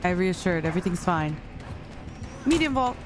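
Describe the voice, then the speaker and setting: A woman's voice: lowish voice, big pitch swings, normal speed. A young woman streaming a game, chatting casually, thanking viewers and answering chat. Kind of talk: casual live-stream chat while gaming. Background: faint music.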